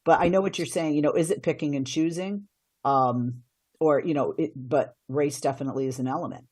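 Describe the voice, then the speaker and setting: A woman's voice: low-pitched, fairly quick, a little mellow, slightly rough. A middle-aged woman, a radio host and commentator, giving earnest answers in a podcast interview, often restarting her sentences.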